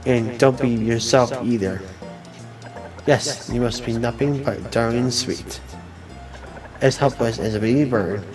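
A man reads on-screen game dialogue aloud at a slow, unhurried pace. His delivery is halting, with repeated words and restarts as he works through each line. His pitch sits in an ordinary middle range. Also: music in the background, poor audio. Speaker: let's player.

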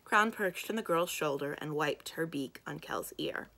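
Woman reading aloud with gravelly low voice. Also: expressive, normal speed, pushed and bright. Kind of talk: children's book read-aloud.

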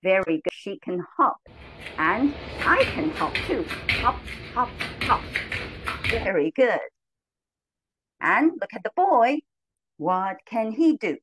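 A woman leading an English lesson for very young learners, cheerful and slow, her voice jumping high on the commands. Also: sing-song, noisy background. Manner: cheerful, slow and clear, with big pitch jumps on commands. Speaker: teacher trainer leading a model lesson. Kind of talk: lively classroom teaching to young children.

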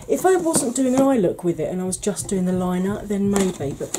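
A woman hosting a beauty channel, chatting casually and rambling softly while she declutters her makeup, with self-deprecating asides. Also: medium pitch, sing-song, fairly quick, noisy background. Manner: soft, quiet delivery.

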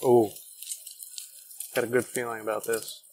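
A man's voice: mid-range voice, level tone, measured pace, darkish tone, faint music behind. An enthusiastic man hosting a casual barbecue cooking vlog, exclaiming and talking to his viewers. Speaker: BBQ cooking show host.

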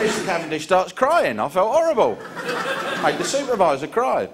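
A man's voice: high-pitched, normal speed. A middle-aged man doing a sardonic stand-up comedy routine. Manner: sardonic, animated storytelling. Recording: live show with loud background noise.

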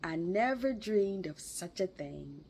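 A woman's voice: on the low side, animated, takes it slowly, a little mellow, slight background noise. A woman reading aloud the lines of a restless, spirited young woman in a storybook reading. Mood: earnest.

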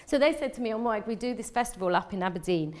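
A woman's voice: a little high, lively intonation, quick pace, darkish tone. Woman artist giving a talk to a room, chatty and rambly, keeps restarting, laughs a lot. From London, England. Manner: rambling, chatty, self-interrupting with frequent restarts; emotionally open, laughs often. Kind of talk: live lecture presenting slides.

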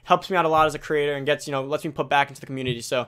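A teenage male gaming video creator talking fast and casually, restarting phrases as he explains tips straight to viewers. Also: fairly high pitch, steady tone, a bit bright, clear, resonant tone. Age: teens. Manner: rapid, self-correcting, talks straight to viewers. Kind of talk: fast casual game commentary.

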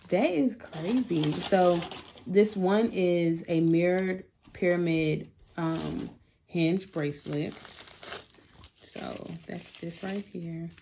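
A woman's voice: deep voice, gravelly, mellow, a little hiss or hum. A woman, chatting casually to her viewers in a home vlog, full of fillers and asides. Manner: chatty, addresses viewers as y'all, lots of fillers. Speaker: vlogger. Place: home office.

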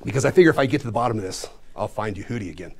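Animated, self-mocking storyteller, a man in his forties. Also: on the low side, rapid-fire, vocal fry. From Colorado, USA. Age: 40s. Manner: animated, self-deprecating, with sudden swings in loudness. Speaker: storyteller and magician. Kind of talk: comedic storytelling performance. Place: studio before a live audience.

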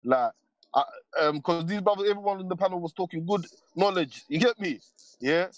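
A man holds forth on a live stream panel, circling back and piling on street slang and tag questions. His voice sits a little high, and the sound is dry and close. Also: brisk, no echo. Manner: rambling, heavy street slang, many repeated tags. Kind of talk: casual heated rant.

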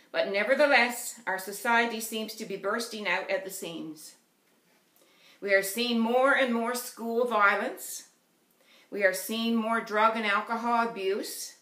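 Woman preaching in an echoey church. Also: mid-range voice. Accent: Newfoundland. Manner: earnest, steady preaching delivery. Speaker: lay preacher. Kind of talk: sermon with storytelling. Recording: roomy church echo.

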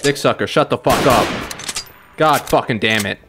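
A young man streaming a roleplay game, swearing, laughing and shouting in casual gaming banter. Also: medium pitch, moderate pace. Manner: profane, laughing, loud outbursts. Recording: game audio with music behind.

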